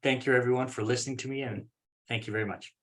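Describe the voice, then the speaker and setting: A man's voice: mid-range voice, steady tone, fast. A man on a video call presenting a course plan at an online speaking club meeting, casual and self-deprecating. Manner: casual, self-deprecating, acts out examples in different voices.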